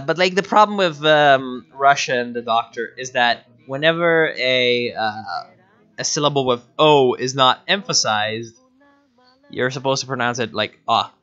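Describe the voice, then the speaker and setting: A man giving casual, profane, excitable commentary while livestreaming a strategy game, often laughing. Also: medium pitch, a little slow. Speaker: streamer. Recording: dull lo-fi mic with faint music.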